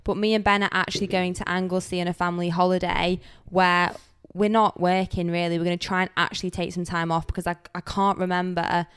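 Woman, chatty co-host, smooth clear voice, bubbly and playful. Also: on the low side, level tone, a little fast, few pauses, fairly bright tone. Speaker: podcast co-host. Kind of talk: casual chat.

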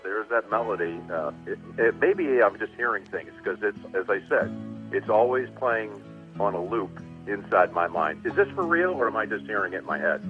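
A man's voice: on the low side, lively intonation. A man, a sportscaster guest, reflecting at length on a radio show, speaking over a phone line. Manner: warm reflective storytelling with frequent pauses. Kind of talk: casual radio interview. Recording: tinny phone line with music.

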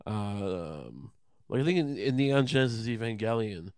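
A man's voice: lowish voice, expressive, unhurried, darkish tone, smooth, dry recording. Rambling, foul-mouthed young man, dry sound. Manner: rambling, sarcastic, swears often, many restarts. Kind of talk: casual profane retelling.

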